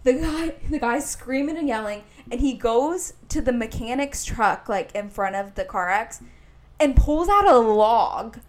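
A woman's voice: on the high side, animated, measured pace. A young woman from Indianapolis, co-hosting a podcast and telling a long story in casual chat, full of "like". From Indianapolis, USA. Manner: rambling storytelling, heavy use of "like". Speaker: podcast co-host.

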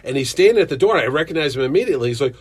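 A man's voice: very fast, slightly rough. A man who runs a comic convention, chatting casually and acting out quotes from his stories. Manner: animated storyteller, acts out quotes in a higher excited voice. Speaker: convention promoter. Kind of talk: casual chat.

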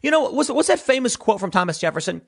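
Animated, husky-voiced sarcastic male commentator. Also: very high voice, quick pace. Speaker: political commentator. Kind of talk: opinion monologue.

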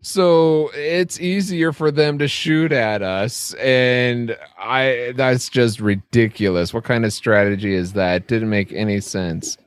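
A man in a casual movie-review chat who keeps dropping playful jokes between his points. His voice is mid-pitched and recorded close and dry. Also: slow pace, hardly any pauses, smooth, no room sound. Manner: joking, playful, deadpan asides.

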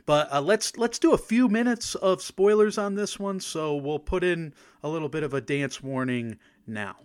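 A man's voice: on the high side, moderate pace, clear, resonant tone. A man co-hosting a casual podcast, loose and self-deprecating, often laughing. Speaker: podcast co-host.

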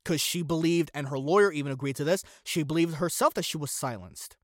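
A man's voice: fairly high pitch, a little fast, fairly bright tone, dry recording, clean studio sound. A man hosting a solo commentary podcast, opinionated and sarcastic, firing off one rhetorical question after another. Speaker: podcast host.

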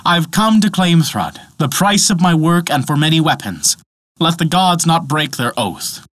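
A man's voice: on the high side, animated, a little slow, fairly bright tone, no room sound, clean studio sound, voice pushed up. A man putting on a haughty blunt dwarf. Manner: haughty, testy. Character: blunt proud male dwarf, pale and testy.

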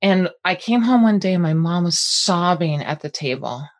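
A woman's voice: lowish voice, animated, normal speed. A middle-aged woman co-hosting a podcast, telling a personal story in casual, rambling chat with many restarts. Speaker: podcast co-host.

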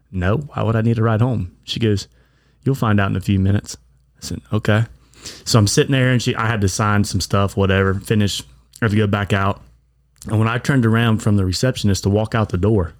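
A blunt, crude man spins a rambling story in a casual podcast chat. His voice sits on the low side and sounds dry and close, with little room around it. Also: dry recording. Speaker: podcast co-host. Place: bar.

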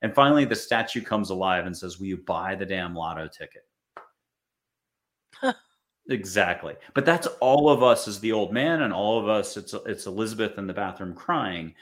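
A man's voice: lowish voice, expressive, normal speed. A man from the United States giving a casual spiritual talk to an audience, chatty and acting out little quoted voices. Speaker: spiritual speaker.

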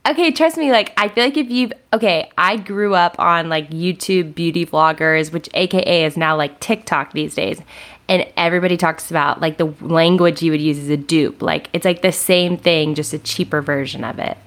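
Chatty low-voiced woman podcast host. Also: normal speed, fairly bright tone. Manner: chatty, lots of "like". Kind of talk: casual chat.

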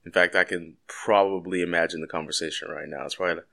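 Man, very low voice, casual podcast banter, loose and jokey. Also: steady tone, fast talker, creaky, sharp tone. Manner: joking, loose, swears casually. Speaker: podcast co-host. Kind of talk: casual chat.

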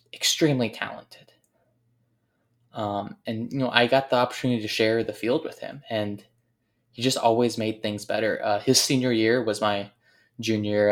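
A man telling a heartfelt personal story about a late teammate, earnest and reflective, often pausing and searching for words. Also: fairly low pitch. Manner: earnest, reflective, halting with frequent pauses. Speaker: speaker remembering a late teammate.

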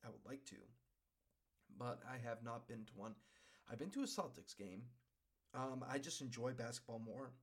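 A man's voice: mid-range voice, lively intonation, normal speed, long pauses. A man from Western Massachusetts hosting his own podcast, rambling and worked up, tagging his points with "okay?". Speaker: podcast host. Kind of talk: casual solo podcast chat.

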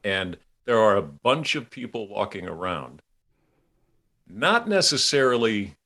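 A man's voice: fairly low pitch, big pitch swings, unhurried, pushed and bright. A man hosting a casual faith conversation, earnest and rambling, with frequent restarts and easy laughter.

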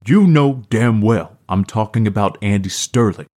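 A man's voice: on the low side, a little slow. A man reading the lines of a formal, impatient middle-aged small-town mayor in an audiobook. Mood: stiff.

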